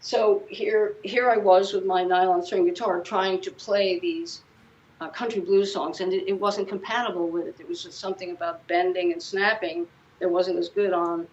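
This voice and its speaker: A woman's voice: fairly low pitch, darkish tone, slight background noise. Older woman telling stories over a muffled call. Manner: rambling anecdotes with frequent restarts. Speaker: guest musician. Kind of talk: casual interview storytelling. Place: living room at home.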